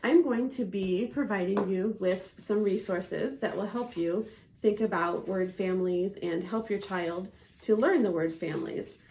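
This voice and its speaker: A woman's voice: mid-range voice, a little mellow, slight background noise. Patient woman teaching spelling. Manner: patient, methodical, sounds out letters and syllables slowly. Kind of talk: instructional video for parents.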